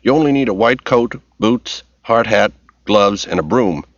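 A man's voice: on the low side, a little slow, no echo, pitched above the performer's own voice, lightly acted. A man reading a blunt, matter-of-fact middle-aged slaughterhouse supervisor. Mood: brusque. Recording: dull lo-fi recording.

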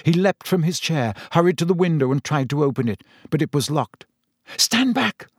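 A man narrating a story in measured, scripted storytelling. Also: on the high side, darkish tone, no echo, clean studio sound. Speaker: audiobook narrator.

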